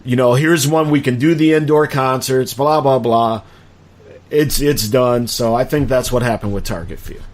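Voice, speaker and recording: A man's voice: medium pitch, normal speed. A man from Minnesota hosting a casual sports podcast, chatty and joking, keeping the talk on track. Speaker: podcast host.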